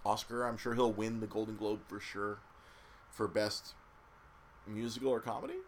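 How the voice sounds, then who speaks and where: A man's voice: on the low side, flat delivery, normal speed, a little hiss or hum. A man in casual chat recapping a movie, swearing freely and acting out quotes in silly voices.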